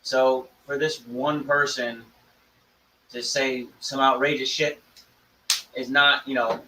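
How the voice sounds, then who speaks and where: A man's voice: mid-range voice, level tone, slow, reverberant, far from the mic, noisy background. A man in casual podcast chat, earnest and agreeable, rambling a bit as he makes his point.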